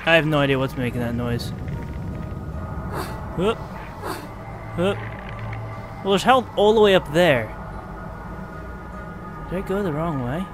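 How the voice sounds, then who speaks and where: High-voiced guy playing a game, really animated, unhurried, game music in the background. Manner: excitable, swings from muttering to yelling. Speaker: gaming video host. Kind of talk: playthrough commentary.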